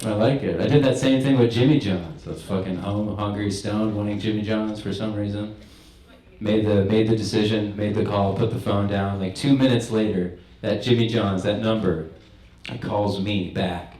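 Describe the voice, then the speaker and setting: A man's voice: on the low side, steady tone, normal speed, warm tone, roomy sound, rough recording. A young man doing a stand-up set in a comedy club, telling stories in a laid-back, rambling way. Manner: laid-back stoner storytelling.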